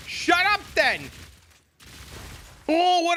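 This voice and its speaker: A man's voice: very high-pitched, huge pitch swings, slow pace, pauses often, bright, forceful tone, a little hiss or hum. A young man streaming a game live, chatting with viewers and ranting profanely about fellow players. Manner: profane, ranting, reacts to chat. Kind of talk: live stream chat while gaming.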